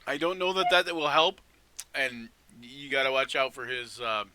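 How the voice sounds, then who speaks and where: A man's voice: mid-range voice, moderate pace, bright, forceful tone, no room sound. A man running a tabletop game as game master, easygoing and laughing often while tallying damage. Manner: easygoing, laughs often, tallies numbers aloud.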